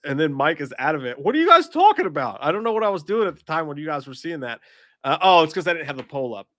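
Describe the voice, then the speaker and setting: A man's voice: a little high, sing-song, fast talker, fairly bright tone, no room sound. A man hosting a casual movie livestream, reading chat comments aloud with lots of swearing and jokes, congested and coughing from being sick. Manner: profane, jokey, reads chat comments aloud. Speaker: livestream movie podcast host.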